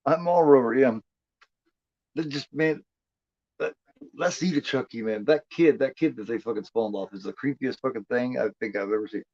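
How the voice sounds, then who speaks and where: A man's voice: medium pitch, normal speed, a little mellow, dry recording. A man giving casual, rambling watch-along commentary on a movie, laid-back and heavy on swearing. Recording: dull lo-fi, dry.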